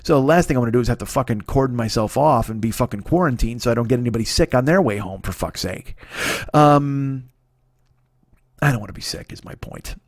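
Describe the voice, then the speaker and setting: A man in his forties hosting a podcast, rambling through a profane, self-mocking comedy monologue while sick, his voice a bit hoarse and sniffly. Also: mid-range voice, fairly quick, no echo. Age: 40s. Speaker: podcast host.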